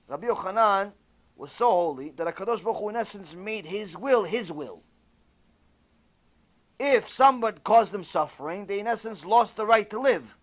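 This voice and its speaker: A man giving an animated, conversational sermon, telling a story and sprinkling in Hebrew terms. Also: sits high. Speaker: religious teacher.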